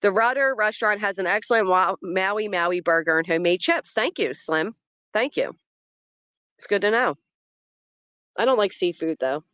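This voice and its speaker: A woman's voice: medium pitch, animated, moderate pace, long pauses, fairly bright tone, clear, resonant tone, no room sound. A woman hosts a casual livestream from outside, talking straight to her chat. Her reactions are dramatic and easily startled. The sound is dry and a little muffled. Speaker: livestream host. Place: outdoors in a yard by trees.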